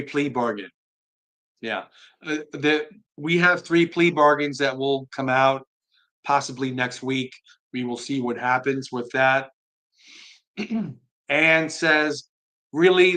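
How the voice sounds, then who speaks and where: A man hosting a live stream, reading viewer comments aloud and answering them in an earnest, unhurried way. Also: medium pitch. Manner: earnest, soft-spoken, admits being slow tonight.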